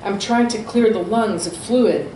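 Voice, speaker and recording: A woman reading aloud as a calm, matter-of-fact male doctor, in an echoey room. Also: sits high, unhurried, distant mic, slight background noise.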